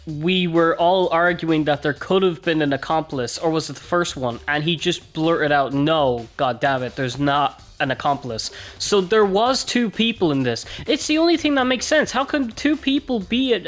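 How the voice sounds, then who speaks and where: Woman rambling over gameplay. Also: on the low side. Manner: rambling, unsure, self-correcting. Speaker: gamer. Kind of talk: let's play commentary. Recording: game music behind.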